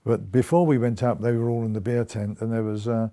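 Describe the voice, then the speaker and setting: This veteran's mid-range voice is mellow and flat in delivery, moving along fairly quickly. Interviewed for an oral history, the older man narrates his service years, breaking into chuckles and restarting his thoughts along the way.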